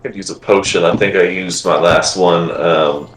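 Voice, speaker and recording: A man's voice: low voice, fairly even intonation, moderate pace, reverberant, rough recording. A man playing a tabletop game, talking in an unsure, laid-back way. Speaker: player. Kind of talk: casual chat at a game table.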